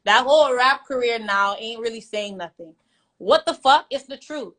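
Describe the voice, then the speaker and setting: Over poor audio, a young vlogger with a slightly high, fairly bright voice talks at a normal pace. She's telling her version of events in a story time rant, defiant and blunt, cursing often and hammering points through repetition.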